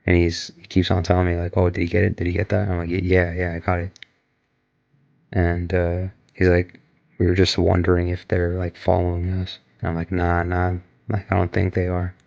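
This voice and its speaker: A man's voice: sits low, monotone, normal speed, darkish tone, muffled recording. A young man casually retelling a story in a loose, rambling way, full of filler words. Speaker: vlogger recounting an experience.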